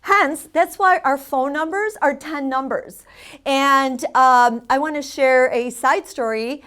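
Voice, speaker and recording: A woman hosting a community TV lesson, chatting casually and drilling vocabulary with loud, repeated prompts. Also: high voice, slow. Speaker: Spanish teacher and show host. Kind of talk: casual teaching on a community TV show.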